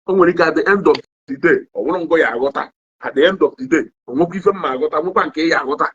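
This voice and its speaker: Husky Nigerian Igbo man, animated. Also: rapid-fire. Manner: code-switching, repeats "you understand?"; animated, swings in pitch. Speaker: online commentator. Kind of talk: casual monologue to a livestream audience. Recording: dull lo-fi sound.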